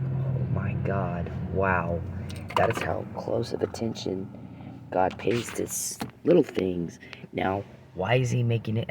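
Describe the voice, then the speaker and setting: A man's voice: on the low side, gravelly, a little mellow, a little hiss or hum. A man hosting a podcast, telling a rambling personal story with frequent restarts and religious reflection.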